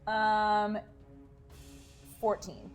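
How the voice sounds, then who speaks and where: A woman playing a tabletop role-playing game, giggly and excitable. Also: mid-range voice, very slow, music in the background, rough recording. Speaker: player.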